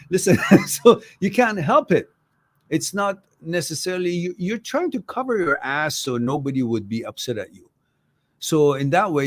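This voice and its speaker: Male host, mid-pitched, blunt casual advice, swears freely, swings soft to loud. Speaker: host answering viewer questions.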